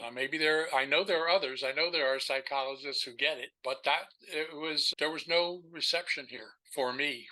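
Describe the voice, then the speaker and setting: Bright, animated older male storyteller. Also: a little high, rough recording. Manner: animated, rambling storyteller with restarts. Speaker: podcast guest. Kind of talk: storytelling in a casual chat.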